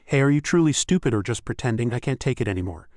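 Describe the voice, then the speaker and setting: A man's voice: medium pitch, lively intonation, fast talker, a little mellow, dry recording, studio quality, natural voice. A man voicing an impatient, grumpy young male demon, read plainly in his own voice.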